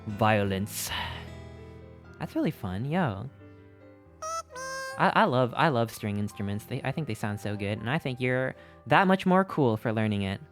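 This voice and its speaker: A young adult streamer chatting casually with a live chat, upbeat and excitable, reading messages aloud. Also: medium pitch, moderate pace, soft background music.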